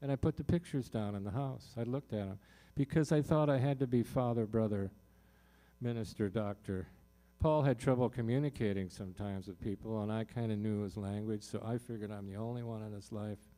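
A man with a lowish, mellow voice tells a personal story to a live audience from a concert stage. He talks loosely and from the heart, stacking up fillers and restarts as he goes. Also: brisk. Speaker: singer-songwriter performing in concert.

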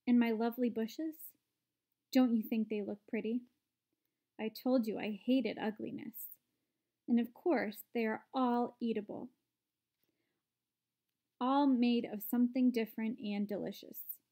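A woman voicing an eccentric, excitable male chocolate maker who is enthusiastic and showy. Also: a little high, a little slow, pauses often.

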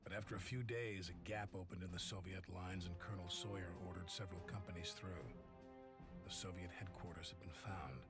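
A man as a deep-voiced soldier narrator. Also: steady tone, close to an everyday voice. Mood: solemn. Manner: measured, solemn. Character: solemn male soldier narrator. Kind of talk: scripted narration. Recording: narration over loud game music.

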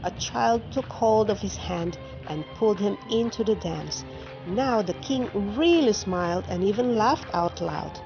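A woman reading a children's picture book aloud in a slow, clear storytelling manner, with music playing behind. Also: mid-range voice, animated, lo-fi sound. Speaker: storybook reader. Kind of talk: children's read-aloud narration.

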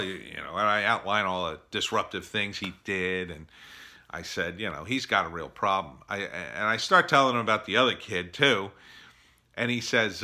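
A middle-aged man telling a story in a casual opinion monologue, animated, acting out others in exasperated bursts. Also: fairly low pitch.

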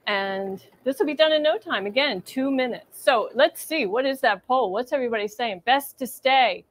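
A woman's voice: high voice, normal speed. A middle-aged woman teaching a live machine embroidery demonstration, chatty and encouraging as she narrates each step. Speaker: embroidery instructor. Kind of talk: live-streamed sewing demonstration.

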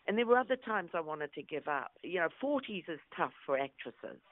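Middle-aged New actress, storyteller guest, dry tinny phone-quality audio. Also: female voice, on the low side, a little fast, no echo. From New Zealand. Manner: lively anecdotal, acts out quotes. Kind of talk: interview storytelling.

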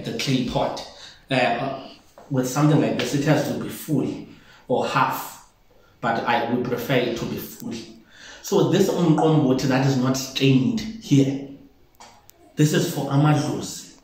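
A South African traditional healer demonstrates home brewing in a casual way, his medium-pitched voice darkish in tone. He often repeats phrases as he shows each step, in a newly moved-into home whose bare room sounds very echoey.

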